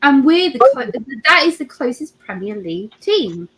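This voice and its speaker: A woman's voice: high voice, sing-song, normal speed, fairly bright tone, low-quality recording. A woman from Cornwall chatting casually on a video call, emphatic and full of fillers. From Cornwall, England. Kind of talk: casual chat.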